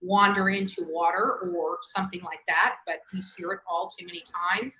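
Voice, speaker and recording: A woman hosting a true-crime video, rambling with halting fillers and restarts. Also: lowish voice, steady tone, bright, forceful tone, reverberant, rough recording. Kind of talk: rambling livestream commentary.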